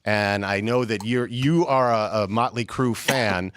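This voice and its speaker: A man appearing as a comedian guest in a casual chat, rambling and stammering through deadpan jokes. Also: lowish voice, a little slow, dry recording.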